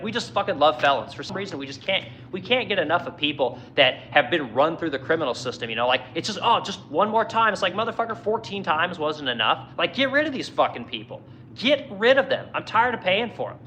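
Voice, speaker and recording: A man's voice: on the high side, bright, forceful tone, slight background noise, low-quality recording. A man who owns a furniture business, ranting angrily and swearing constantly in a heated monologue. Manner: profane, angry, heated. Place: furniture workshop in Missouri.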